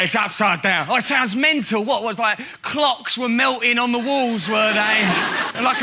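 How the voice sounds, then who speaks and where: A high-pitched man mocks archive clips in a theatrical comic voice, often laughing as he speaks. His commentary is loud and playful. Steady noise sits under the recording. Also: gravelly. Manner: mocking, theatrical, laughing through lines. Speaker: comedy host.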